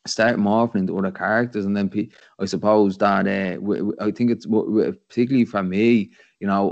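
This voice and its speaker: A man with a Dublin accent, hosting a podcast in relaxed, reflective talk that rambles and keeps checking in with "you know what I mean.". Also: low voice, no room sound, muffled recording. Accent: Irish, Dublin. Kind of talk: casual podcast conversation.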